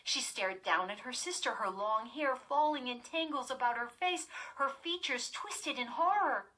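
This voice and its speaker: A woman reading a horror story aloud as an audiobook narrator, slow and dramatic. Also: sits high, sharp tone, low-quality recording.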